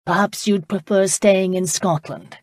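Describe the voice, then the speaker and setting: A woman's voice: mid-range voice, fairly even intonation, measured pace, a little mellow, dry recording, studio quality, lightly acted. A woman voicing a proud, controlled English duke who speaks in clipped, composed lines in an audiobook. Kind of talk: audiobook character voice.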